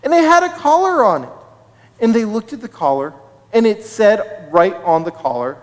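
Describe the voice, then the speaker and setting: A man leading a synagogue service, telling a children's story in an expressive, storytelling manner. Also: sits high, moderate pace. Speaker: service leader. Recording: reverberant sanctuary livestream.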